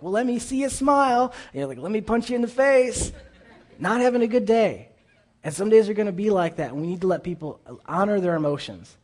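A man's voice: mid-range voice, a little mellow, husky. A man preaching a sermon in an earnest, conversational way, often repeating himself as he reads scripture aloud.

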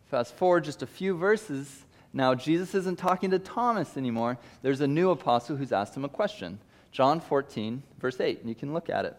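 A man in his thirties preaching a sermon as a pastor, reading scripture and acting out the quoted lines with lively emphasis. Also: fairly high pitch, moderate pace.

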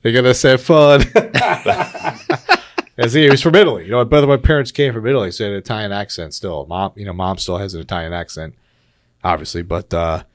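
A man's voice: on the low side, brisk. A man chatting casually as a podcast guest, laid-back, laughing often and tacking "man" onto his sentences. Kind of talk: casual chat.

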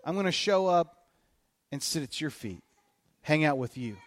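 A man preaching a sermon as pastor, telling stories with animated delivery and joking asides. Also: fairly high pitch, normal speed. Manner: animated storytelling, jokey asides.

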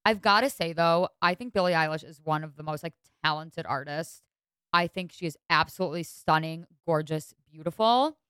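Animated woman ranting about fashion. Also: deep voice, moderate pace, clear, resonant tone, no echo. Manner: animated, exasperated, gushing. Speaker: podcast host. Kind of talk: casual fashion commentary.

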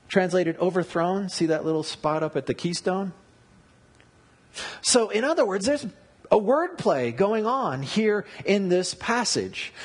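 Guy preaching a sermon, kinda high husky voice, tells stories w lots of energy. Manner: animated storytelling with wordplay and asides. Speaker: pastor.

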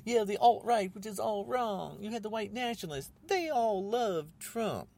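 An angry man hosting his own podcast, ranting about politics in an agitated, repetitive way, often rising almost to a shout. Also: high-pitched, lively intonation, moderate pace, vocal fry. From United States. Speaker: podcast host.

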